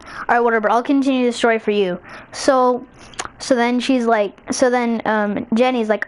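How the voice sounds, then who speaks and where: A woman's voice: a little high, fairly even intonation. A woman casually telling a made-up story while gaming, rambling with constant restarts and briefly acting out each character's lines. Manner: rambling, many restarts and "so then"; acts out characters' lines in quick little voices.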